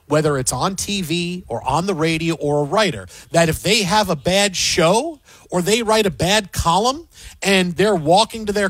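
A man's voice: high voice, a bit bright, dry recording. A man hosting sports talk radio, ranting emphatically and mocking what others say.

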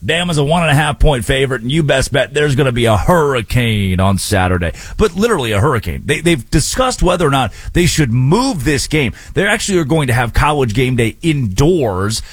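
A man's voice: medium pitch, big pitch swings, breathy edge, dry recording. A man hosting a sports talk radio show, giving betting picks and college football takes with a wry, sarcastic edge. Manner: wry, sarcastic, brisk delivery.

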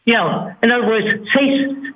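A man with a New York accent calling in to a radio show, telling his story with excitement. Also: very high-pitched, normal speed. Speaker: caller. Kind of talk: phoning in to talk radio. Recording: tinny phone line.

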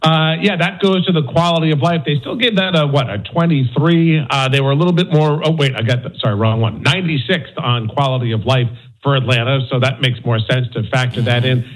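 A man's voice: medium pitch, brisk, few pauses, low-quality recording. A man working as a national correspondent, explaining a ranking on radio, with frequent ums and uhs. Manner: explanatory, with many fillers.

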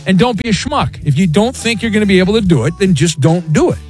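Teasing talk radio host. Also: male voice, high voice, animated, a little mellow, faint music behind. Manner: brisk, teasing, reads listener questions. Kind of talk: sports talk radio chat.

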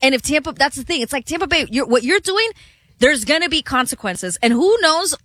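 High bright-voiced woman co-hosting sports. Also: very animated, a little fast, no echo. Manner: agreeable, frequent affirmations. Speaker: sports show co-host. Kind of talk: casual sports talk.

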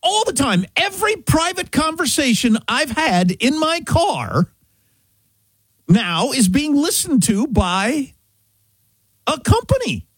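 A man's voice: extremely high pitch, very animated, slow, a bit bright, no room sound. A middle-aged man from Kansas hosting a talk show, telling a story in casual chat with emphatic restarts. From Kansas, USA.

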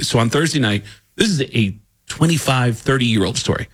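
A man's voice: medium pitch, brisk, slightly rough. A man in his fifties from the Bronx, a comedian guest telling stories on a radio studio interview. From the Bronx, New York. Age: 50s. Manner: storytelling, animated, breaks into impressions. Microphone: studio microphone.

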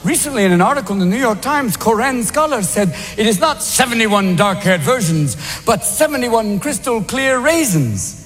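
A man doing stand-up comedy, swinging between deep mock-solemn voices and high excited yelps. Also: moderate pace, hardly any pauses, long reverb tail, faint music behind. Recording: live club recording with audience noise.

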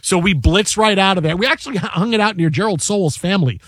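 A man hosting a sports radio show, telling a story with lively, animated energy and acting out the people in it. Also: high-pitched, fast, dry recording. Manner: animated storyteller, acts out shouting fans. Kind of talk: casual sports radio chat. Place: radio studio. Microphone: studio microphone.

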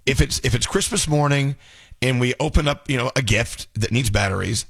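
A man's voice: medium pitch, a little fast, vocal fry, breathy edge, dry recording. A man hosting a radio show in casual banter, joking and restarting his sentences. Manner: animated, joking, stammering restarts.

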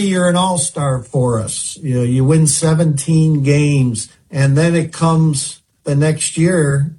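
A man hosting an interview, recapping his guest's career in a measured way. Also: on the high side, darkish tone. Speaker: host. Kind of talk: interview chat.

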